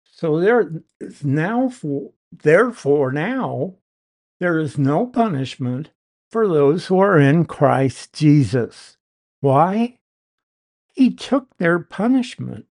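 A man's voice: a little high, big pitch swings, slow, darkish tone. A man teaching a verse-by-verse Bible lesson, explaining and stressing key words with emphasis.

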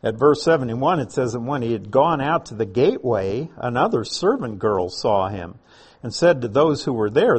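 A pastor teaching scripture delivers a sermon in a mid-range, slightly rough voice, very animated at a moderate pace. He reads Bible passages aloud, explains them and poses rhetorical questions, using slides as he addresses the congregation.

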